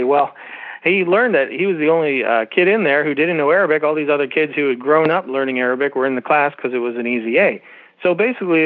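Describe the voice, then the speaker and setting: A middle-aged man, a guest calling in, explaining at length in an earnest, preacherly way. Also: mid-range voice. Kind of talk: interview guest on a phone line. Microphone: phone. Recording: tinny phone line.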